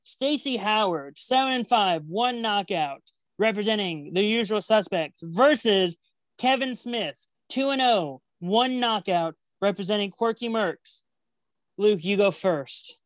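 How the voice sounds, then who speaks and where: Animated yet unhurried, this mid-range female voice has no echo. She's a co-host on a casual podcast, talking at length about her match predictions in a chatty, playfully competitive way.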